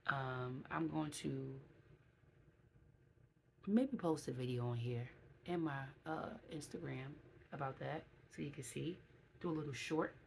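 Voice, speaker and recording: A woman with a low, grounded voice talks openly to her viewers in a relaxed vlog. She is candid and emotional and chats along with plenty of fillers. Faint noise sits behind her. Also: unhurried, creaky, pauses often, low-quality recording. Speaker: vlogger. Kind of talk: casual vlog talk to viewers.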